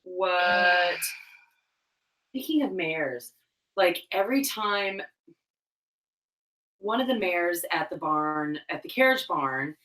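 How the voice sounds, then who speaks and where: A young woman co-hosting a casual livestream chat, rambling and giggling, getting loud and excited as she tells stories. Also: on the low side, slow pace, pauses often, distant mic. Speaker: livestream co-host. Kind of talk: casual chat while cleaning tack. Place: room at home. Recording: roomy echo.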